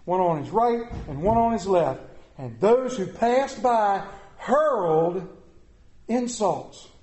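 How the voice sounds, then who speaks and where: A middle-aged man preaching a sermon, with dramatic pauses and repetition. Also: sits high, animated, darkish tone. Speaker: pastor. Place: church sanctuary. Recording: echoey room.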